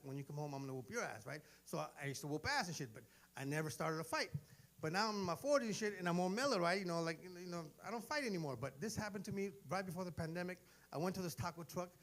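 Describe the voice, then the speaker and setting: A man in his forties doing a profane stand-up set, telling stories and acting out the voices of the people in them. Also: on the high side. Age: 40s. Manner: animated, profane storytelling that acts out voices. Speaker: stand-up comedian. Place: live comedy venue.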